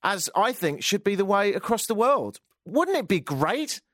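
A man's voice: high voice, sing-song, moderate pace, a bit bright, dry recording. A man spinning a stand-up anecdote with dry, sarcastic asides. His voice rises and falls a great deal as he tells it, and the sound is close and dry. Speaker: stand-up comedian. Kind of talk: stand-up storytelling.

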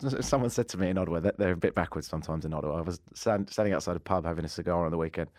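A man's voice: low voice, rapid-fire, a little mellow, no room sound, clean studio sound. Wry, chatty radio host man. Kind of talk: comedic talk radio banter. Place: radio studio. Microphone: studio microphone.

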